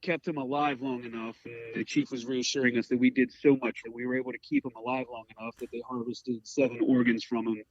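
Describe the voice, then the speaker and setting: A firefighter in his forties from the Eastern Shore of Maryland talks through his own story in an earnest, halting way, often reaching for "like." His voice sits at an ordinary middle pitch for a man. The recording is dry and a little muffled. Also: fairly even intonation, no echo. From Eastern Shore of Maryland, USA. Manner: earnest, halting, many "like" fillers. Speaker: career firefighter, podcast guest. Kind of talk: candid personal storytelling. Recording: dry, slightly muffled audio.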